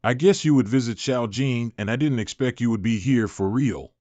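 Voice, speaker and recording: Arrogant mocking male bully, read by a man, flat even reading, manhwa recap, dry close mic. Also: medium pitch, normal speed, dry recording, close to an everyday voice.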